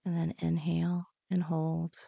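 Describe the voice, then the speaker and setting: A woman leading a guided breathing meditation on a podcast, giving slow, soothing, repeated instructions. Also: low voice, monotone, gravelly, dark tone, dry recording, dull audio. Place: podcast studio.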